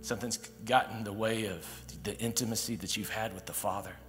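Male pastor, deep voice, conversational sermon delivery with emphatic swells, church hall reverb. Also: fairly even intonation, fast. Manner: conversational preaching with emphatic rises and quiet asides. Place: church sanctuary. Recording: long hall reverb with faint music.

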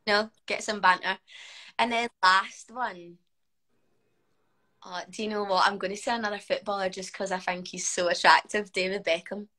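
A woman in her twenties with a Scottish accent, a footballer chatting casually on a livestream, animated and full of "like". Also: medium pitch, moderate pace, rough recording. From Scotland. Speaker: guest footballer.

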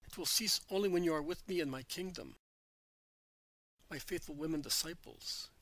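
A man voicing a gentle spiritual teacher in a storybook reading, speaking calmly and measuredly. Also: fairly high pitch, moderate pace, no room sound, close to an everyday voice, low-quality recording. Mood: tender.

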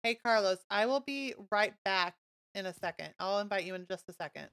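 A woman streaming a video game live, chatting casually to her viewers and gushing excitedly over new items. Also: medium pitch, a little fast, clear, resonant tone. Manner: bubbly, gushing and easily excited. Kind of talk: casual live-stream chat while playing.

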